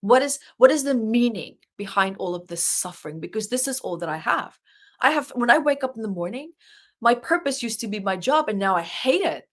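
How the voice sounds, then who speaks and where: A woman's voice: on the high side, expressive, brisk, fairly bright tone. A woman guest, an author and life coach, earnestly telling a personal story in an interview and acting out her own inner dialogue.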